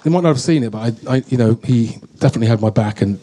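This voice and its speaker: A man telling a candid, emotional story as a guest at a live on-stage Q&A, full of halting restarts. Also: medium pitch, dark tone, a little hiss or hum. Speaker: guest actor. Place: stage in front of an audience.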